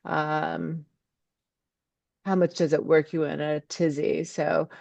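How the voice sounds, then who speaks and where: A woman guest on a podcast interview, speaking thoughtfully and haltingly with many ums, livening up when she voices her own inner thoughts. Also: low voice, level tone, gravelly, darkish tone, dry recording. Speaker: guest, ecopsychology scholar and author. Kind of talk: reflective podcast interview talk.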